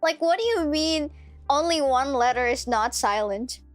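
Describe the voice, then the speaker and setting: A woman's voice: high voice, lively intonation, measured pace, no echo, soft background music. A woman streamer chatting casually while playing a game, playful and giggly, often stumbling over her words.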